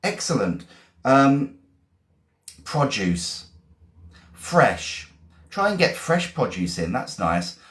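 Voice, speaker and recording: A man's voice: mid-range voice, sing-song, takes it slowly, long pauses, a bit bright. A man teaching vocabulary on a live stream, reading viewers' sentences aloud and praising them. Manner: encouraging, reads out viewers' sentences. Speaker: English teacher. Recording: echoey room.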